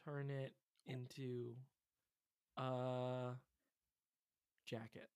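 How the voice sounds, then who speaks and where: A man's voice: medium pitch, little pitch movement, extremely slow, darkish tone, clean tone, no echo, studio quality. A man co-hosting a casual podcast, answering quiz questions hesitantly and trailing off. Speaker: podcast co-host.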